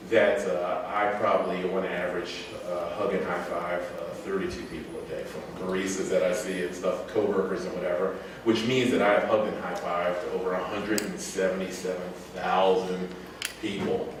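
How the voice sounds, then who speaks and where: A man with a low voice rambles through travel stories in a casual public talk that takes audience questions. He's laid-back, swears casually, and laughs often. The room is echoey, the mic sits far away, and there's faint background noise.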